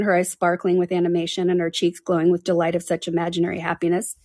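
A woman reading a classic novel aloud in steady, plain narration. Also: lowish voice, fast, few pauses, no room sound, clean studio sound. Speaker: audiobook reader.

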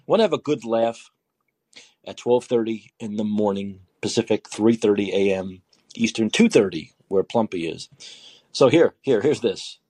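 Sarcastic laughing talk host. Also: male voice, mid-range voice, darkish tone, slightly rough, dry recording, clean studio sound. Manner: sarcastic, laughing while reading news aloud. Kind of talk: late-night call-in commentary.

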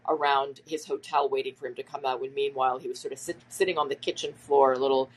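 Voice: medium pitch, steady tone, quick pace, husky, low-quality recording. A podcast host giving loose, chatty spoken commentary in a conversational manner.

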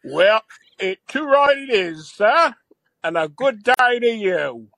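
A man's voice: sits high, takes it slowly, breathy edge, no echo, full character voice. A man voicing a jolly entertainer with a hammy fake cockney accent, sing-song and breaking into song, in an improvised comedy bit.

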